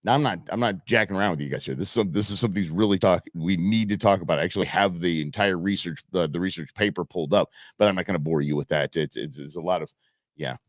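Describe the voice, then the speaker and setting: Male talk show host, deep-voiced, rambling and jokey, dry close sound. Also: quick pace, dry recording. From Arizona, USA. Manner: chatty, rambling, jokey with many restarts. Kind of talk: casual talk show monologue.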